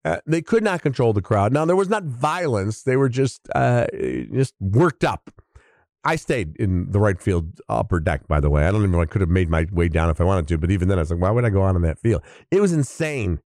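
A man's voice: a little fast, dry recording. Chatty man in his 60s, dry sound. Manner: chatty, animated, swinging pitch for emphasis. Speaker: podcast host. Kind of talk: casual storytelling monologue.

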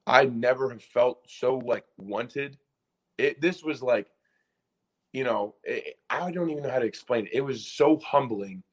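A young man from Pennsylvania, a former college basketball player, telling a story in a casual podcast interview, excited and rambling, acting out quotes. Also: mid-range voice. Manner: excited, rambling, full of restarts and acted-out quotes.

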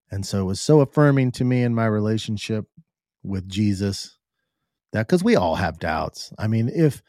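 Middle-aged man, low voice, dry close sound, earnest halting storytelling, podcast host. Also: mellow, dry recording. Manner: earnest, halting, with repeated restarts. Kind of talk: personal storytelling.

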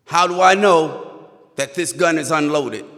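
A man's voice: mid-range voice, lively intonation, measured pace, fairly bright tone, in a large hall. A man voicing a stern male military cop who barks the same orders again and again. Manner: commanding, repeats orders.

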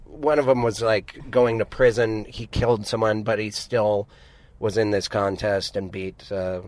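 A man's voice: lowish voice, fairly even intonation, measured pace, darkish tone, no room sound. A middle-aged man from Montana, co-hosting a podcast, who tells long rambling stories that stop and restart. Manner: rambling, self-interrupting storyteller. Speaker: podcast co-host. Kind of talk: casual chat.

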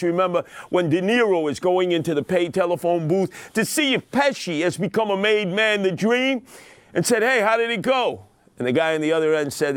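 Indignant high-voiced New man. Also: no echo. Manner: dramatic, indignant, acts out quotes. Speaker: podcast host. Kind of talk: opinionated monologue on crime news.

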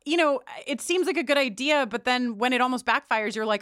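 A woman with a smooth, resonant voice pitched a little high, co-hosting a chatty podcast. She recaps a TV episode in an animated, rambling way, often restarting her sentences. The sound is close and dry. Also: a little fast, hardly any pauses, dry recording. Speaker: podcast co-host. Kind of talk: casual chat recapping a TV episode.

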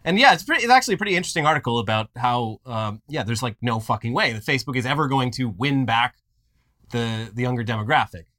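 A man's voice: medium pitch, animated, fast, bright, forceful tone. A man co-hosting a comedy news podcast, ranting in mock outrage and swearing freely as he riffs on odd headlines. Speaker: podcast co-host. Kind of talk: casual comedic news banter.

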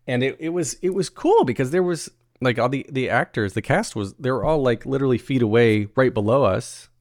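A man from the American South hosting a podcast, chatting casually in a jokey, animated way with frequent restarts. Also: mid-range voice, brisk, no room sound, clean studio sound. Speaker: podcast host. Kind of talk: casual chat.

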